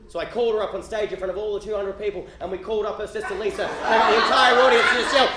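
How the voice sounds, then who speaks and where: An Australian man doing live stand-up comedy, profane and incredulous, often shouting to the audience. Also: high voice, steady tone, very fast. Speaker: stand-up storyteller. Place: stage before a live audience. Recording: roomy live venue, loud crowd noise.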